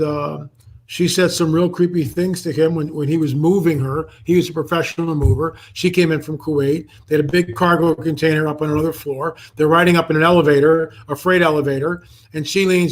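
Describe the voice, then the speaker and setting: An older man, a guest researcher in a live online interview, telling a story in an animated way and acting out the voices of the people in it. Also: a little high, a little fast, poor audio.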